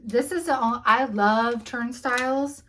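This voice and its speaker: A young woman talking casually to camera about thrift finds, a little out of breath, her voice trailing off into quiet asides. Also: fairly high pitch, fairly even intonation, unhurried, a little hiss or hum, low-quality recording. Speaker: vlogger showing thrift finds.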